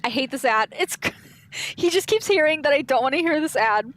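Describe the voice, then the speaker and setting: A woman's voice: high-pitched, lively intonation, a little fast, fairly bright tone. Giggly Southern woman streamer in her twenties. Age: 20s. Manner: giggly, chatty, talks straight to chat. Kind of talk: casual live-stream chat.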